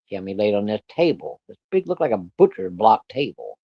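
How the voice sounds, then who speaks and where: A man with a lowish, very animated voice and a breathy edge tells a personal story a little fast, in a plainspoken and heavily profane way. The recording is dry and the audio sounds dull, yet his retelling is vivid.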